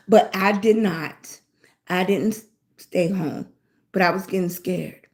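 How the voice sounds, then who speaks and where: A woman telling a childhood story on a live stream, animated, repeating phrases and filling pauses with mm-hmm. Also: medium pitch. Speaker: lifestyle blogger on a livestream.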